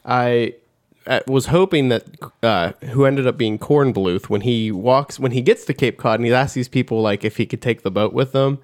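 A man guesting on a casual movie review podcast, animated and casually profane. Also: mid-range voice, normal speed.

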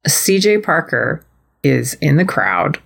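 A young adult woman co-hosting a casual recap podcast, animated and slipping into playful voices for quotes. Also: deep voice, slow, vocal fry. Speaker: podcast co-host.

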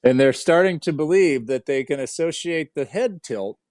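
A man's voice: on the high side, expressive, normal speed, a little mellow, no room sound, studio quality. A man co-hosting a casual chat, playful and teasing, joking with his partner. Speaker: podcast co-host.

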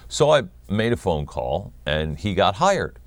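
A man in his fifties with a New York accent, a guest chatting in a relaxed, wry way and laughing often. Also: low voice, unhurried, no echo. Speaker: guest, former wrestling announcer. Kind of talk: casual interview chat.

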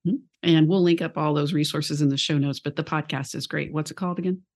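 Brief: woman host, notably low voice, courteous and measured. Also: fairly even intonation, darkish tone. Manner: polite, gracious, measured. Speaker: podcast host. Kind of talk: interview wrap-up.

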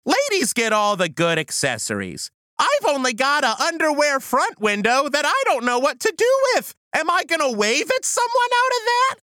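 A woman co-hosting a comedy podcast, deadpan in her sketch banter, then breaking out into loud excited shouting. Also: high voice, moderate pace, hardly any pauses, no room sound, studio quality.

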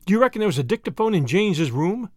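A man voicing a brash, breezy young American man with quick, slangy talk, in an audiobook reading. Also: high voice, very animated, darkish tone, dry recording, studio quality. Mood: puzzled.

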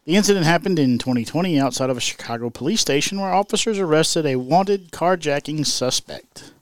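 A man's voice: on the high side, lively intonation, fairly quick, no echo. A man co-hosting a podcast, chiming in casually and reading a news story aloud. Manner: chatty, reads news aloud. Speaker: podcast co-host.

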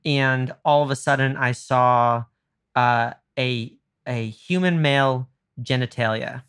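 A young man in his twenties chatting casually and spinning a long personal anecdote. His pitch sits in an ordinary middle range, and he bursts into animated voices whenever he quotes someone. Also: slow, clear, resonant tone. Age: 20s. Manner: animated, acts out quoted dialogue with jumps in pitch. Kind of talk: casual storytelling chat.

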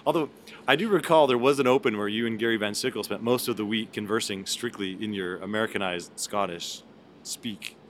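A man's voice: lowish voice, a little fast, a little hiss or hum. A man hosting a podcast, chatting casually in a wry, teasing way. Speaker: podcast host. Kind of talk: casual chat.

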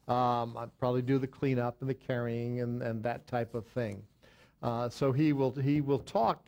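A man's voice: mid-range voice, creaky, darkish tone. A middle-aged man leads a Bible study in a plain, mid-range voice. He talks off the cuff, stopping and correcting himself often, then lifts his voice to stress the verses he reads aloud. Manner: halting, many fillers and self-corrections, reads verses aloud with emphasis. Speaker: pastor teaching a Bible study. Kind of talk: unscripted Bible teaching.

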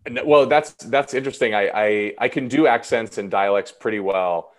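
A man in his thirties talks as an actor guest on an interview show, his voice sitting low. He rambles in an easy, self-deprecating way, full of fillers. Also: moderate pace. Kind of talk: casual interview chat.

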